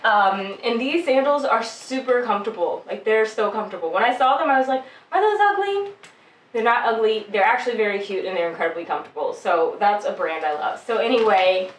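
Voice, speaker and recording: A woman in her forties, from the United States, hosting a casual chatty vlog in an upbeat, measured way with sudden lifts in pitch on key words. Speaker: vlogger and host.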